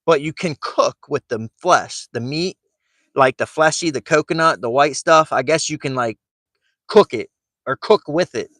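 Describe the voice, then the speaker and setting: A man's voice: a little high, moderate pace, bright, forceful tone, dry recording. A man telling a rambling story to camera while fishing from a boat. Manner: rambling, chatty, laughs through his story. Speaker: fishing vlogger.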